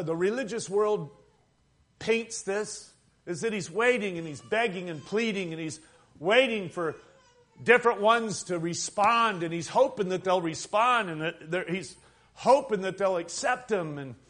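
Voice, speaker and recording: A male preacher delivering a sermon in a notably high voice. His delivery is emphatic, swelling louder on key points and dropping low on others, with a preaching cadence that calls out to the congregation.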